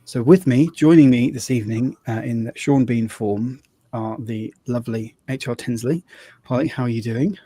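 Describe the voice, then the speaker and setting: A man's voice: mid-range voice, normal speed, mellow, breathy edge, no echo. A man hosting a live tabletop game stream as game master, talking in a loose, chatty way with fillers and restarts.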